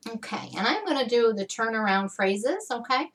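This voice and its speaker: A woman's voice: a little high, very animated, normal speed, few pauses, a bit bright, recorded from a distance. Woman coaching a tapping session. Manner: emphatic affirmations, chatty asides. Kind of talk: guided tapping lesson.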